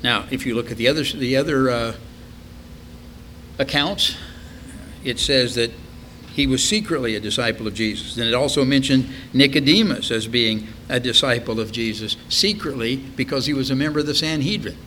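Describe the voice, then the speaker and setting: An older man preaching a Bible study, reading scripture aloud and then explaining it in a measured, rambling way with frequent fillers. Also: mid-range voice, pushed and bright, slight background noise.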